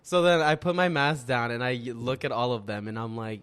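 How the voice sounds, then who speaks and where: A man co-hosting a podcast, telling stories in a casual, animated and heavily profane way. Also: mid-range voice, fairly quick, few pauses, clear, resonant tone. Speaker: podcast co-host.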